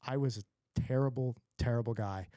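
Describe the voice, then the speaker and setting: A man in his forties from Southern California, a podcast guest telling stories about his life in an animated, self-mocking way and acting out other people's lines. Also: medium pitch, moderate pace, dry recording, studio quality. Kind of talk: casual storytelling.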